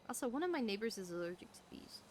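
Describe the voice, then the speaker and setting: A woman's voice: on the high side, big pitch swings, rapid-fire, slight background noise. Tired, wry woman in roleplay chat. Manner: wry, blunt, swears casually. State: tired late at night. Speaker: roleplay streamer. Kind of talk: casual in-character roleplay chat.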